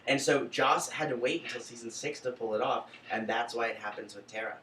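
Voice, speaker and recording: A woman's voice: a bass voice, steady tone, a little fast, a bit bright. A woman co-hosting a casual chat, eagerly sharing show trivia. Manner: chatty, enthusiastic, talks about show trivia. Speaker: podcast co-host. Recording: echoey room, mic at a distance, faint noise.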